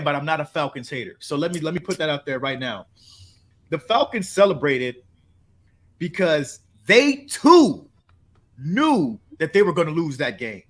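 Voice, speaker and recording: A man's voice: fairly high pitch, a bit bright. A man hosting a sports podcast in casual, profane chat, often acting out what other people say.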